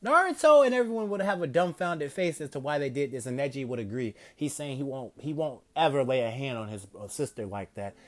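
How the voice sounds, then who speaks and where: A man casually narrating a fan-made story, excitable and often stumbling and correcting himself mid-sentence. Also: medium pitch, brisk, few pauses.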